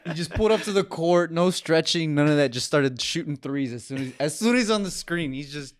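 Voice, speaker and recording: Male podcast co-host, casual reviewer, energetic filler-heavy delivery, dead dry sound. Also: fairly high pitch, a little fast, no room sound. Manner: animated, many "like"s, acts out quotes. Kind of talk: casual movie review chat.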